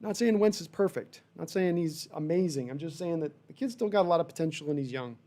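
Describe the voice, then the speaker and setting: A man reacts to sports live on his fan stream, rambling and animated, venting frustration in asides while he keeps up with chat. He talks fast in a voice on the higher side.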